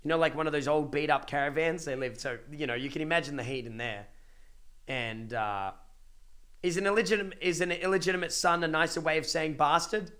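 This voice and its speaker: A young man, a streamer casually telling a family story to his live chat, emphatic and repetitive, swearing freely. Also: fairly high pitch. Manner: animated, emphatic repetitions and dramatic pauses.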